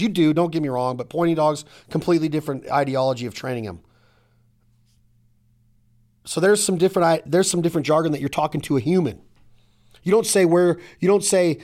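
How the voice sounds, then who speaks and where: A middle-aged man hosting a casual hunting podcast, talking in an energetic, emphatic, rambling way. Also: fairly high pitch. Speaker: podcast host.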